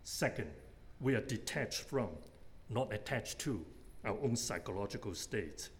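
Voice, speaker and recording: A man's voice: lowish voice, animated, a little hiss or hum. A man giving an academic lecture on philosophy, methodically setting out numbered points. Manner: measured, methodical, enumerating points.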